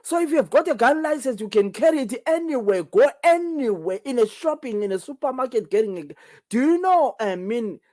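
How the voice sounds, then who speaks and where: A Zimbabwean man whose first language is Ndebele hosts a call-in talk show by himself, and his voice is very high, expressive, a little fast and a little mellow. He speaks emphatically, fires off rhetorical questions and repeats himself as he delivers his commentary.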